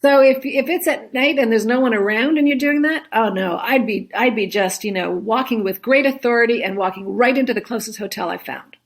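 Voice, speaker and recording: A woman's voice: on the high side, fairly quick, hardly any pauses. A woman guest in a conversational interview, chatty, often laughing and ending her points with "right?". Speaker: guest, solo travel expert.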